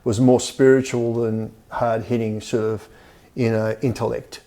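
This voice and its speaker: Older Australian man, mellow storyteller. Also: mid-range voice, flat delivery, measured pace. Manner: rambling, repeats words, often says mate. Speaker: podcast guest. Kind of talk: storytelling in a casual interview.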